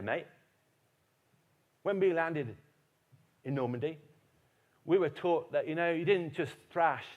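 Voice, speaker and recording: A man putting on a Cockney accent to voice an old commando veteran, matey and loud. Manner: matey, loud and high-pitched.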